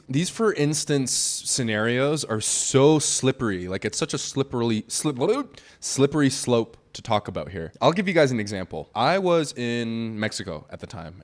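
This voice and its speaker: A man hosting a reaction video, telling a personal story bluntly and swearing freely. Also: medium pitch. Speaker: reaction channel host. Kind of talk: casual storytelling and commentary.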